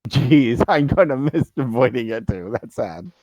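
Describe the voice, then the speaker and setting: A man's voice: mid-range voice, animated, a little slow, a little mellow, dry recording. A man playing a tabletop role-playing game, chatting casually and stammering, repeating his words. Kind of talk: casual role-play chat.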